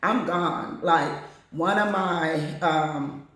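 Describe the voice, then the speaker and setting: A woman's voice: on the low side, extremely slow, fairly bright tone. A woman recounts her own story with blunt candor, slipping into other people's voices as she goes. She talks casually and plainly, straight to the listener. Her voice rings around a very echoey room. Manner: candid, blunt, acts out other people's lines. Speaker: channel host.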